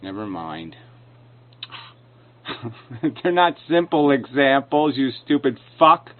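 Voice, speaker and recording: A man's voice: medium pitch, big pitch swings, slow. Profane, scornful man ranting on lo-fi audio. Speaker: video commentator responding to clips. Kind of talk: combative rant. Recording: lo-fi phone-like sound.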